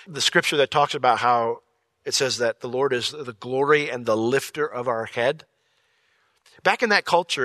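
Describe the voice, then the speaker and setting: A male pastor delivering a sermon in a very bright, ringing voice. The sound is dry and close, with no room around it. He gets animated, jumping into high comic voices to act out little scenes. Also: no echo. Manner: animated, jokey impressions with big pitch jumps.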